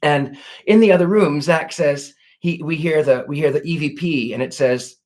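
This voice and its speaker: Guy psychic chatting on a livestream, soft gushy way of talking, voice sits kinda high. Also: moderate pace. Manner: gentle and effusive, fond of 'lovely' and 'dear'. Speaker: psychic host. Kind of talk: casual livestream Q&A. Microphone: home livestream setup.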